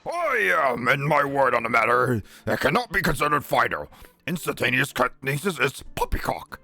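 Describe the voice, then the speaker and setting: A streamer voicing a haughty Victorian gentleman scientist who dismisses ideas with scorn. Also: mid-range voice, very animated, moderate pace, creaky, soft background music, full character voice. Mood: scornful.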